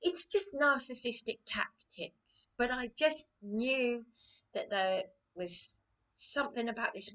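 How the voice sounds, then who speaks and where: Slow, aggrieved English woman vlogger, slightly hoarse, rambling with restarts. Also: mid-range voice, fairly bright tone. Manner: aggrieved, repetitive, many restarts. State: voice a bit hoarse. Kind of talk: rambling personal vlog.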